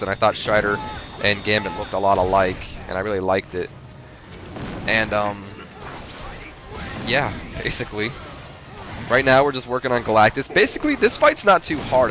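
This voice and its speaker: A man giving rambling, self-deprecating gameplay commentary, full of fillers and restarts. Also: mid-range voice. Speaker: gamer.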